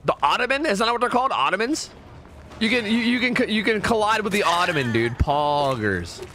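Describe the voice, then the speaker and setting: A young man chatting through a horror-game stream, his pitch leaping up and down all the time. He jokes and drops sudden high exclamations, sitting a little above the usual male pitch. A clear layer of background noise runs under his voice. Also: big pitch swings, brisk, sharp tone. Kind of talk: casual gameplay commentary.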